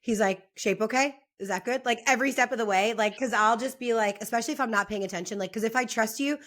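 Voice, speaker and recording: A woman's voice: on the high side, fast. Chatty young woman telling stories. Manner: chatty storyteller, animated when quoting others. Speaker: podcast co-host. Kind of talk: casual chat.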